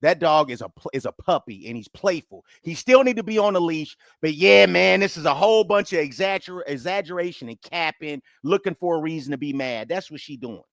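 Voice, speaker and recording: A man's voice: on the high side, brisk, gravelly, hardly any pauses, dry recording, studio quality. A man reacting to bodycam footage with blunt, slangy casual commentary. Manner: animated, blunt, street slang. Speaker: reaction video host.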